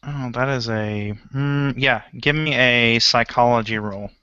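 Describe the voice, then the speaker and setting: A man's voice: mid-range voice, measured pace, bright, forceful tone, clean tone, dry recording, dull audio. A man narrating casually as game master of a tabletop horror game.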